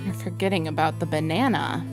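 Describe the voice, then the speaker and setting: A woman's voice: deep voice, fairly quick. A woman co-streaming a game, giggling and reading viewer chat aloud. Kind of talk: live-stream gameplay chat. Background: game music.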